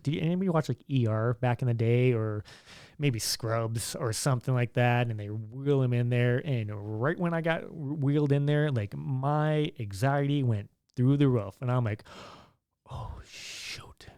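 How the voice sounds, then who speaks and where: A man's voice: mid-range voice, moderate pace, mellow, clear, resonant tone, no echo, studio quality. A young man telling a story in a laid-back, chatty way, acting out what others said. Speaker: vlogger. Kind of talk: casual storytelling.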